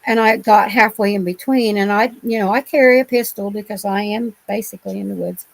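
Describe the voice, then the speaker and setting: Middle-aged woman guest, gravelly voice, homespun and rambling storyteller. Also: medium pitch, fairly even intonation, fairly quick, low-quality recording. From Ohio. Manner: rambling, colloquial, many restarts. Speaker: interview guest. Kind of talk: telling personal encounter stories.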